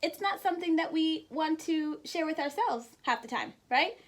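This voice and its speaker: A woman hosting a weekly live show, talking casually and inspirationally to her viewers, chatty and quick to laugh, greeting people by name. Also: high-pitched, expressive.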